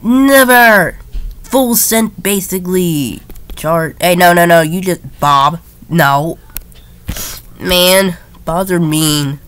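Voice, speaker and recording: A woman giving playful, jokey commentary while playing a strategy game, often jumping into silly high voices. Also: steady tone, slow pace. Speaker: gaming YouTuber. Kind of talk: casual gameplay commentary.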